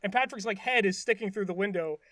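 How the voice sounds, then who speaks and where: Talking fast in a high-pitched, fairly bright voice, a man recaps a cartoon episode as a podcast co-host. His casual retelling rambles, full of fillers and acted-out dialogue, and the audio is studio quality without echo.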